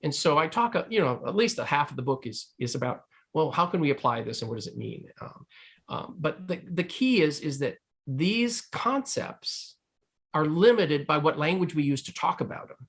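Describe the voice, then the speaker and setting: A man's voice: on the high side, lively intonation, normal speed, fairly bright tone, slightly rough. A man speaking as a guest author, answering questions in a loose, discursive way with frequent restarts. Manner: discursive, restarts often, hedges with "you know". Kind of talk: explaining ideas in a Q&A.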